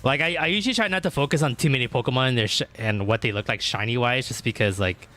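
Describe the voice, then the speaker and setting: A male streamer with a bright, sharp voice chats loosely while he plays, piling up fillers and restarts and swearing freely. Every so often he breaks into loud, excited outbursts. Faint music plays underneath. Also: medium pitch, fast. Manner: bursts into loud excited exclamations. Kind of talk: casual livestream chat while gaming.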